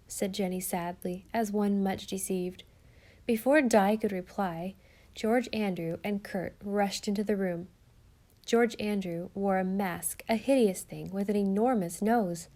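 A woman narrating a storybook in a steady, expressive reading. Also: medium pitch, measured pace. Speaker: audiobook narrator.

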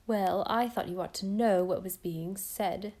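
A woman's voice: mid-range voice, steady tone, a little slow, warm tone, lightly acted. A woman reading as a prying, disapproving old aunt. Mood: reproachful. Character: fussy, prying older aunt, disapproving and self-pitying.

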